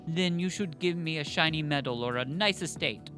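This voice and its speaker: A man playing a sharp-tongued woman commander. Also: on the high side, normal speed, over music, lightly acted. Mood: dry.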